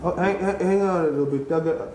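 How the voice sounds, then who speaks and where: A man's voice: high voice, a little mellow, reverberant, a little hiss or hum, natural voice, poor audio. A man voicing a dim, touchy young male cartoon singer on a phone interview, brash and swearing. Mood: indignant. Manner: brash, swearing, quick to take offence.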